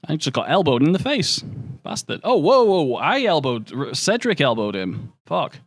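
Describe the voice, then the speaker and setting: A man's voice: mid-range voice, big pitch swings, moderate pace, no room sound, studio quality. A young man casually commentating a game stream and chatting with viewers, swearing often and bantering.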